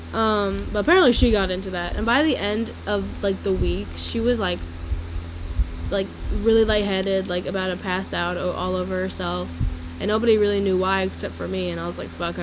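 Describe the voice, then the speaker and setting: A woman's voice: medium pitch, background noise. A young woman casually telling personal stories, chatty, swearing freely and filling her talk with "like". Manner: chatty, swears freely, heavy use of "like", laughs between lines. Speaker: storyteller. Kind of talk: casual storytelling monologue.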